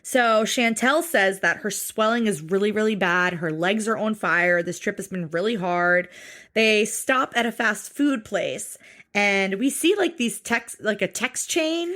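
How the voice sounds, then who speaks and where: A woman co-hosting a podcast, chatting casually as she recaps a TV episode, animated and a bit sweary, often acting out what people said. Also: mid-range voice, a little slow. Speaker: podcast co-host.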